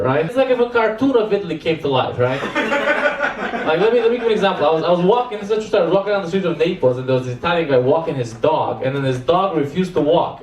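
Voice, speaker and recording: A man doing stand-up crowd work and storytelling, animated and laughing along with the audience. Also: high-pitched. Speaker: stand-up comedian. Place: comedy venue with live audience. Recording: echoey room from a distance, loud crowd laughter.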